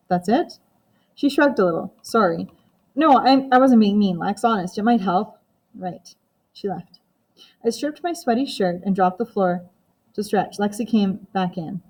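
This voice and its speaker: A woman narrating an audiobook in first person, with steady, even storytelling. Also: mid-range voice, a little slow.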